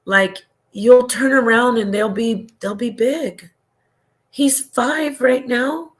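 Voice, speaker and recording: A woman's voice: fairly high pitch, slow pace, fairly bright tone. A woman hosting a casual livestream and reading viewer comments, talking in a rambling, emotional way with laughs and restarts.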